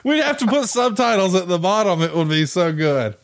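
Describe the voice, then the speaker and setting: Sitting high and sing-song, his voice moves a little fast with a Southern accent from Alabama. The middle-aged man co-hosts a casual wrestling podcast in an enthusiastic, teasing way, swearing at times.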